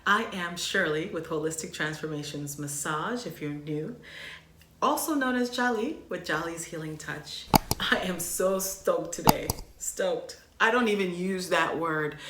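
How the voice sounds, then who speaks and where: A woman massage therapist hosting her own channel, gushing with excitement through a casual unboxing vlog full of slang. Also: on the low side, reverberant, a little hiss or hum.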